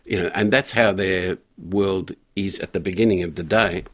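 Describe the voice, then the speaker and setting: An older man telling a story in a radio interview, halting with frequent restarts and fillers. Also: sits low, fairly even intonation, fairly bright tone. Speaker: guest, community pastor.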